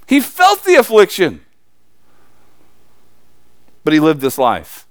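Man, pastor, preaching a sermon, impassioned, rising and falling pitch, dry close sound. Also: wildly swooping pitch, slow pace, no echo. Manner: impassioned preaching, swings from loud emphasis to low confiding asides.

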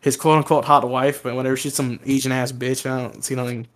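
A man co-hosting a podcast, telling a crude story loudly and swearing often. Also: medium pitch, fast. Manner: loud animated storytelling, swearing. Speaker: podcast co-host. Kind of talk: casual crude podcast chat.

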